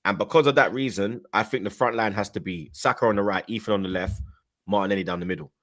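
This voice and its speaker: A man, hosting a casual football chat in slangy, animated talk. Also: fairly low pitch, fast talker. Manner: slangy, animated, swears freely. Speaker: host.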